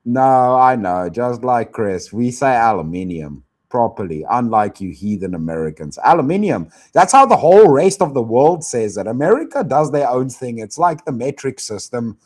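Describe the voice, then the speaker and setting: A man's voice: mid-range voice, big pitch swings, normal speed, hardly any pauses, darkish tone. A young South African man hosting a stream, chatting in a teasing, rambling, slangy way. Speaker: streamer host. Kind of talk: casual reaction stream chat.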